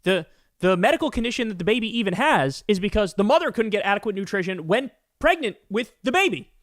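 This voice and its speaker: A man's voice: sits high, expressive, fast, a bit bright, dry recording, studio quality. A man hosting a political commentary show, ranting angrily and emphatically with lots of profanity.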